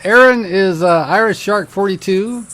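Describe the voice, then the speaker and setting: A man's voice: high-pitched, moderate pace, a bit bright. A man hosting a casual podcast group call and cheerfully introducing the guests. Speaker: podcast host.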